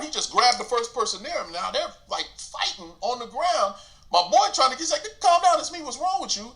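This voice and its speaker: A man with a high, bright voice tells a story in a relaxed, conversational way. His pitch swings widely as he acts out each person's lines. He laughs now and then as he talks. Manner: animated, acts out quotes, laughs while telling. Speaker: guest telling a story. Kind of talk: casual storytelling.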